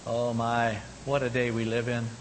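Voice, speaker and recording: A man preaching a sermon in a folksy manner, moving between loud exhortation and hushed, low tones. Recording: long hall reverb, faint rumble.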